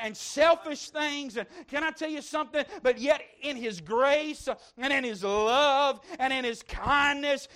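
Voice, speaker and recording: A man preaching a sermon, moving between loud fervent stretches and soft hushed asides. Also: very high voice. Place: church service.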